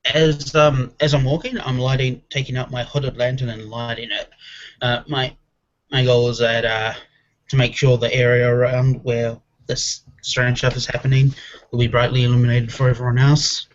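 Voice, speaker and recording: A man's voice: medium pitch, flat delivery, moderate pace, lo-fi sound. A man playing a tabletop game, talking through his character's actions hesitantly. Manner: hesitant, thinking aloud with fillers. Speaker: player. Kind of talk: tabletop game play, casual.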